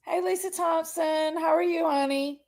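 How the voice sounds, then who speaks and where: A woman's voice: extremely high pitch, fairly even intonation, moderate pace, a little mellow. A woman, hosting a casual livestream, greeting viewers by name and talking openly about personal struggles. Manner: chatty, greets viewers by name, says honey and y'all. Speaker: livestream host. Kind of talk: casual chat with live viewers.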